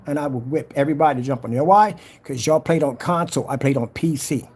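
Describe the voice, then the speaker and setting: Talking fast, this projector screen paint vlogger trash-talks his rivals to camera, repeating himself and daring them in a boastful, challenging rant. His voice runs on the high side, with a darkish, slightly rough tone.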